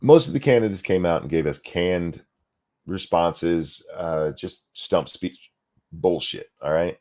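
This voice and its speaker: A man's voice: low-pitched, unhurried, a little mellow. A man giving a blunt, sarcastic reaction rant, swearing freely while fighting the hiccups. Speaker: political commentary streamer.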